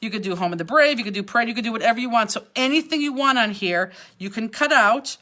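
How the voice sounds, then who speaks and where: A woman's voice: fairly high pitch, animated, fast talker, pushed and bright. Chatty woman teaching a craft class. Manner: chatty, step-by-step instructions. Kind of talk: live online craft tutorial.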